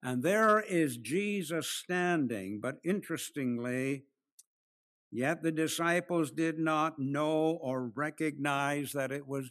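A man preaching an expository sermon, slowing down to stress key phrases and acting out the quoted lines. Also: medium pitch, fairly bright tone. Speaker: pastor.

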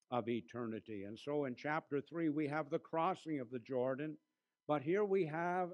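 A male pastor preaches a sermon in a slightly higher voice. He leans hard on key phrases, slowing each word. He sinks into a hushed tone when he tells a story. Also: lo-fi sound. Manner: preaching with emphatic slowed phrases and quiet storytelling asides.

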